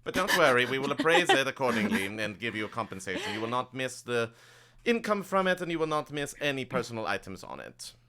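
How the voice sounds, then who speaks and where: A man's voice: mid-range voice, sing-song, fast talker, gravelly, sharp tone, heavily acted. A man voicing a stern, businesslike woman ship captain who speaks coolly and formally.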